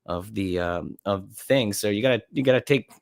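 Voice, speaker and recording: A man's voice: fairly low pitch, normal speed, vocal fry. Laid-back male podcast host. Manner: laid-back, rambling, thinking aloud. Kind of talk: casual live-stream commentary.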